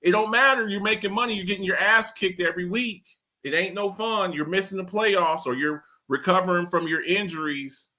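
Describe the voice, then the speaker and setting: A bright, high-pitched man hosting a sports talk show. He rants with excitable energy, and his pitch and volume jump around as he makes his points. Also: a little fast. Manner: loud, excitable, swings high and low in pitch, slips into mock voices. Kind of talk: animated sports talk rant.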